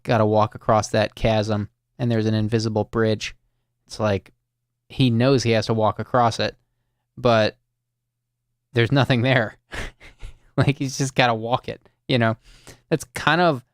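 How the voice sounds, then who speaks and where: A man hosting a call-in listening show, talking slowly and thoughtfully to a caller with many fillers and restarts. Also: fairly low pitch, level tone, clean tone, no echo, studio quality. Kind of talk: reflective, gentle conversation with a caller.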